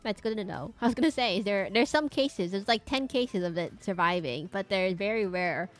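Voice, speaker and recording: A woman VTuber streamer in casual chat while she draws, rambling and breaking off her own sentences, sometimes dropping to a quiet mutter. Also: mid-range voice, moderate pace, faint music behind. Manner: rambling and self-interrupting, often laughing.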